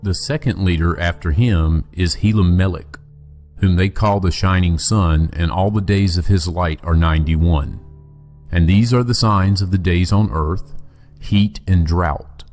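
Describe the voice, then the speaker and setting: Deep-voiced man reading scripture solemnly. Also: darkish tone. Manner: slow, solemn and measured. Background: faint music.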